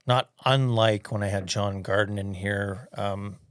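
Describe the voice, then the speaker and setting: Lower-voiced man hosting a relaxed interview. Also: measured pace, dry recording, clean studio sound. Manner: relaxed, conversational, with fillers. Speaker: podcast host. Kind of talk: casual interview conversation.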